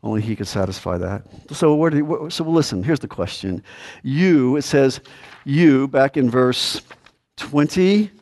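A male pastor preaching a sermon, emphatic and repetitive, swinging from loud declarations to a hushed, earnest plea. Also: mid-range voice, animated, measured pace.

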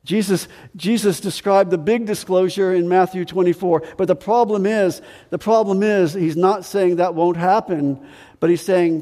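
A man preaches a sermon, his voice fairly high but warm and mellow. He repeats key phrases and presses rhetorical questions on the congregation. His words ring out with the long reverb of a large hall. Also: fairly even intonation, normal speed. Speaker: pastor.

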